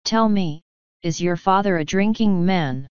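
A woman's voice: lowish voice, unhurried, darkish tone, clean tone, dry recording, muffled recording, lightly acted. A woman reading the part of a gloomy, grumbling male talking toad in a storybook. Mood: mournful. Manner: mournful, grumbling.

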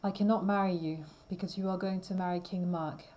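A woman's voice: lowish voice, fairly even intonation, fairly quick, warm tone, natural voice, rough recording. A woman voicing Tristram, an earnest and loving young male knight, in a storybook read aloud.

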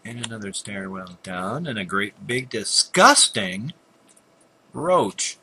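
A man's voice: on the low side, animated, takes it slowly, sharp tone, slightly rough. An older man casually talking through a computer game, muttering at monsters and apologizing for his yawns. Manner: chatty, muttering at enemies, frequent yawns and apologies. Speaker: gameplay commentator.

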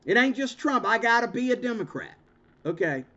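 Vlog host, male, high-pitched, confrontational and emphatic; muffled lo-fi recording. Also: lively intonation, fairly quick, pushed and bright. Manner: emphatic, repetitive, stammering restarts; confrontational, ranting. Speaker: channel host. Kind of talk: monologue commentary vlog. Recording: dull lo-fi recording.

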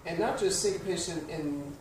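Slightly high and a little mellow, a man's voice moves at a moderate pace through a piano lesson as he patiently explains rhythm and counts beats out loud. A distant mic captures the roomy studio, the piano playing, and some slight background noise.

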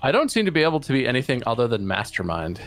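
A man's voice: medium pitch, very animated, very fast, a bit bright. A man co-hosting a casual gaming podcast, teasing friends in a dry way while fiddling with game menus. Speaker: podcast co-host.

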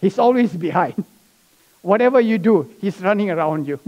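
A man's voice: high voice, lively intonation, normal speed. A man pastor preaching a sermon to his church, telling a story and reading scripture with small laughs. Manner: preaching with asides and soft laughs. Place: church sanctuary.

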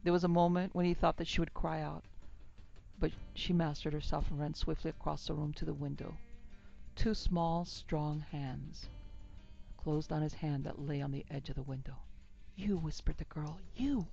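A woman narrating a classic western story in a measured, even reading. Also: low-pitched, vocal fry, highs cut off, soft background music. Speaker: narrator and producer.

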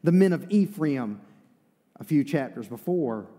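A man's voice: a little high, lively intonation, a little slow, dark tone. A man with an Eastern North Carolina accent preaching a sermon as pastor, in a folksy, conversational way with asides. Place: church sanctuary. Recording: long reverb of a church hall.

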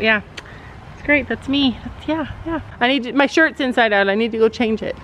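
A woman's voice: a little high, a bit bright, a little hiss or hum, low-quality recording. A woman vlogging as a mother at a horse barn, talking in a chatty, encouraging, rambling way. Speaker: vlogger mom. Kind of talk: casual family vlog at a horse barn.

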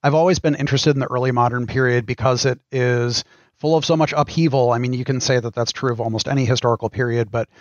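A man's voice: mid-range voice, fairly even intonation, dry recording. Thoughtful man on dull lo-fi audio. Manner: thoughtful, pauses with many ums. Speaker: game designer guest. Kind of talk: casual podcast interview.

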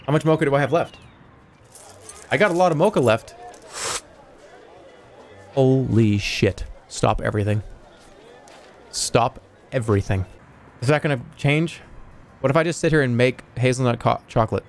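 A man streaming a video game, talking his way through it with sudden yelps, swearing and bursts of excitement, and sometimes reading the game's dialogue aloud. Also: medium pitch, brisk, slight background noise. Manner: excitable, swearing, yelps and shouts when things go wrong. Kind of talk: live gameplay commentary.

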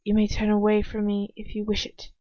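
A cold, sneering aristocrat, as a woman reads him drawls each line with contempt. The home recording is dry and dull, with no room sound. The voice sits at mid pitch. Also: monotone, fairly quick, warm tone, dry recording, close to an everyday voice. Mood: contemptuous.

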